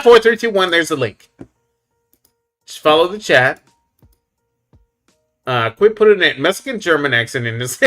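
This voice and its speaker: A man hosting a casual barbecue livestream, chatting loosely with viewers and giving shout-outs. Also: a little high. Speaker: livestream host.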